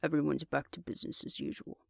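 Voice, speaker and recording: A cheeky, laid-back young man, as a woman narrator puts him on, dropped low below her own deep voice with a gravelly crackle. He talks plainly and offhand. The reading is close and dry. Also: steady tone, fast talker, dry recording, heavily acted. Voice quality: lowered put-on voice.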